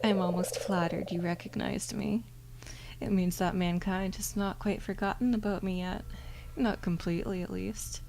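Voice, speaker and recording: A woman softly voicing a suave male crow demon with formal, old-fashioned manners, in a whispered role-play. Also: mid-range voice, fairly even intonation, normal speed, gravelly, background noise, natural voice. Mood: silky.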